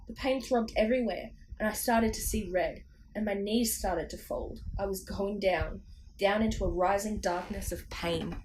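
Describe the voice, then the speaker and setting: A woman's voice: medium pitch, darkish tone, slight background noise, rough recording. Woman reading a spooky kids' book aloud. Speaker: audiobook reader. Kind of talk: amateur storybook narration.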